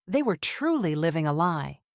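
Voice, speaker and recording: Speaking in a steady, measured way, a woman storyteller reads a scripted family drama. Her voice is on the low side, and she barely changes it for the quoted lines. The recording is dry and close.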